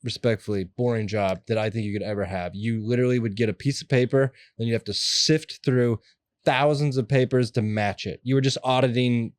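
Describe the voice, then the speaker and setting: A young adult man telling stories as an interview guest, animated and acting out the voices of people in them. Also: mid-range voice, brisk, dry recording. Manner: animated, acts out quoted voices. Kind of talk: casual storytelling interview.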